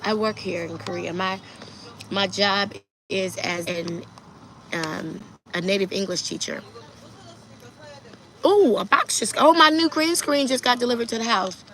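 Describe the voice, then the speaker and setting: A woman's voice: medium pitch, measured pace, long pauses, background noise. A woman hosting a casual livestream, chatting and reading viewer comments aloud as she answers them. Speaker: livestream host.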